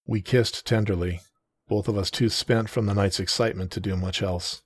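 A man reading a first-person romance story aloud in a soft, tender, measured way. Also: fairly low pitch, fairly even intonation, slightly rough, dry recording. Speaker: narrator.

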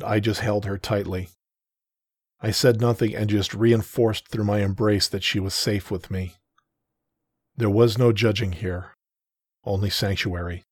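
A man reading a first-person romance story aloud in a soft, tender, measured way. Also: on the low side, breathy edge, no echo, studio quality. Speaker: narrator.

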